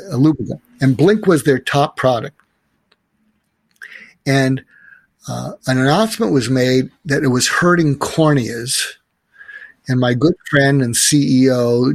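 Gravelly, husky man telling a story. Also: mid-range voice, no room sound. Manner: storytelling, many restarts and fillers. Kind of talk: casual conversational advice.

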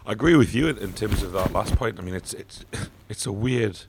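A man's voice: lowish voice, expressive, fairly quick, background noise. A man hosting a casual football podcast, talking bluntly with swearing and frequent fillers. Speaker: podcast host.

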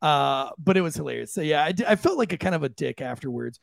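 Lively gravelly man telling a story. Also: quick pace, no room sound. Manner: animated, jumps into high voices for quoted people. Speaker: podcast co-host. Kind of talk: casual storytelling chat.

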